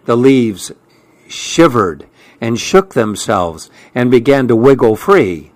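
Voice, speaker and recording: A man reading a children's storybook aloud in a gentle, unhurried, expressive way. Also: medium pitch.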